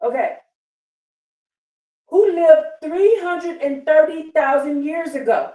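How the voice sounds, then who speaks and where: A woman's voice: high-pitched, expressive, takes it slowly, long pauses, mellow, roomy sound, recorded from a distance, rough recording. A woman on a live stream, reading a text aloud and preaching to her viewers in a fervent, emphatic way.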